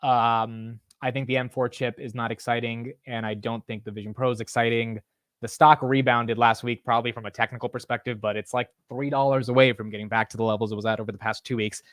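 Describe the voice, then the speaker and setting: A man hosting a market show, reacting to news clips in casual commentary. He is excitable and slangy and swears freely. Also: medium pitch, quick pace, dry recording, studio quality.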